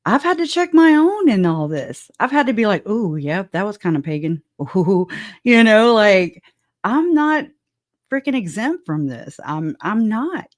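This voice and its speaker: A woman's voice: a little high, big pitch swings, a little slow, dry recording, clean studio sound. A woman hosting a casual true-crime livestream, chatting with viewers and laughing often between joking asides. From southwest Louisiana. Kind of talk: casual livestream commentary, greeting chat.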